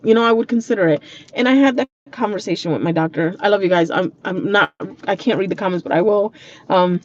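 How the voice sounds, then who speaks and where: A woman's voice: medium pitch, fast talker, highs cut off. A woman vlogging from her parked car, talking candidly and emotionally with her viewers, swearing freely and holding back tears.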